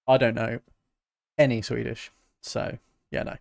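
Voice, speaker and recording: A man from Britain, a music producer casually chatting with his livestream viewers in a relaxed, self-mocking way. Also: medium pitch, very slow, creaky, long pauses, no room sound, studio quality.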